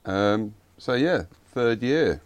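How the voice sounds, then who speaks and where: A man who organises events, chatting on a podcast with dry, deadpan humour. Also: medium pitch, takes it slowly. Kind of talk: casual podcast chat.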